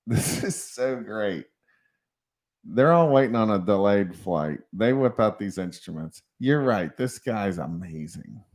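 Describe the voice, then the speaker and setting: Very deep-voiced rambling male streamer. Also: a little mellow. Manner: rambling and chatty, laughs often. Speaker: livestream host. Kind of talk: casual livestream chat.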